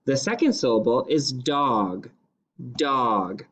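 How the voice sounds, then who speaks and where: A male teacher leading a phonics lesson, sounding out each word slowly and deliberately. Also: medium pitch, sing-song. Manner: slow, deliberate sounding-out of words. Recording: slightly dull lo-fi classroom recording.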